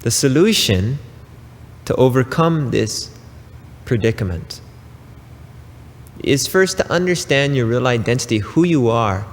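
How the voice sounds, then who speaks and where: A man giving a spiritual talk, preaching slowly and emphatically with pauses and casual asides. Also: medium pitch, expressive, in a large hall. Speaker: spiritual teacher.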